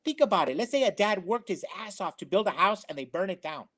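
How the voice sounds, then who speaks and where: A man with a notably high voice preaches his opinions on a talk show. He repeats key phrases and drives each point home emphatically. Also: animated, fast talker, a bit bright. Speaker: co-host. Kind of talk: opinionated commentary.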